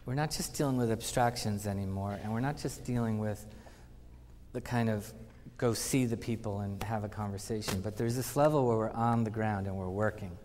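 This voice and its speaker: A man giving a conference talk, telling animated anecdotes and acting out the quotes. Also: on the low side, moderate pace, a little hiss or hum. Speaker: conference speaker. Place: conference hall. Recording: reverberant conference hall.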